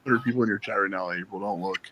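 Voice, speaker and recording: Male streamer, relaxed banter, jokey and playful. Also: low voice, racing, muffled recording, slight background noise. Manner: joking, playful storytelling. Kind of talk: casual chat.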